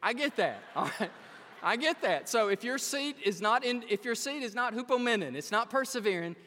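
A man's voice: extremely high pitch, moderate pace, long reverb tail. A man preaching a sermon to his congregation, repeating words and talking straight to the people in the pews. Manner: animated preaching with repetitions and asides to the congregation. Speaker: pastor. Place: church sanctuary.

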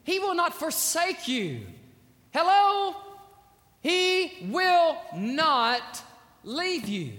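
A pastor preaching a sermon in a large church, quoting scripture with a preacher's rising cadence. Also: male voice, very high-pitched, very animated, measured pace, sharp tone. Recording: church reverb.

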